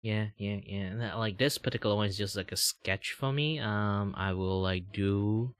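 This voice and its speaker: Speaking at a moderate pace in a fairly low voice, with no room sound, a young man from Malaysia chats casually on his livestream. His talk wanders and is packed with fillers, and he laughs a lot while teasing the audience in a playful way.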